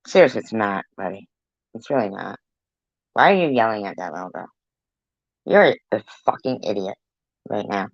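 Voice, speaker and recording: A woman's voice: rumbling low, animated, moderate pace, vocal fry, long pauses, no room sound, muffled recording. A woman giving angry reaction commentary on a clip, scolding and cursing with blunt insults.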